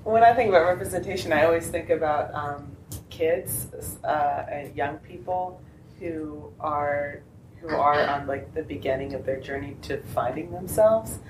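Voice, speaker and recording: Low-voiced woman panelist, impassioned, restarts often, echoey room. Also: normal speed. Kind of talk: convention panel discussion. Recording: echoey room with faint noise.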